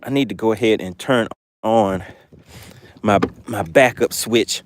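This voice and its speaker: A man's voice: on the low side, a little slow, noisy background. A man hosting a live fishing stream from a boat, chatting casually and laughing as he reads viewer comments aloud. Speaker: fishing channel host.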